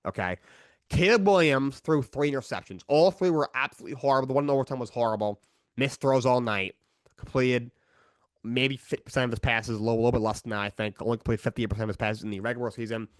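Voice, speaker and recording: A man's voice: mid-range voice, fast talker, no echo. Opinionated man recapping a football game. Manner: opinionated, frustrated rants. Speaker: sports podcast host. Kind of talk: casual game recap commentary.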